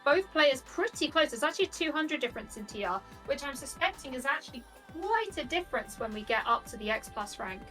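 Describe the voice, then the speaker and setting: A woman giving live tournament commentary on a competitive game, bubbly and quick to laugh. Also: high voice, animated, bright, forceful tone, soft background music, low-quality recording. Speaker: esports commentator.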